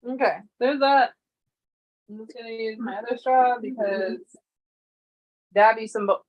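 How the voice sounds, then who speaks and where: A woman's voice: a little high, measured pace, long pauses, darkish tone. A young woman chatting casually to her livestream audience, rambling off on tangents and breaking into exasperated, swearing rants.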